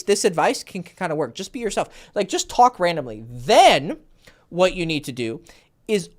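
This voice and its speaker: Lively, blunt, foul-mouthed male coach. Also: high voice. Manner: animated, swearing, blunt; jumps between thoughts. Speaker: dating coach. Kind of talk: livestream coaching chat.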